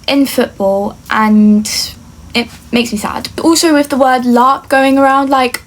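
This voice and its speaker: A woman's voice: high voice, measured pace. A young woman from England talking earnestly to camera in a casual get-to-know-me vlog, chatty and fond of saying "like". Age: young adult. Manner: chatty and earnest, often says "like" and "obviously". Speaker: vlogger.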